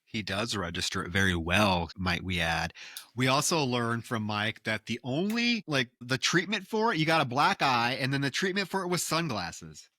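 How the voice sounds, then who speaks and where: Bright-voiced man recapping a film. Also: medium pitch, normal speed, dry recording. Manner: animated retelling with acted quotes. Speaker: podcast co-host. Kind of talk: casual film recap chat.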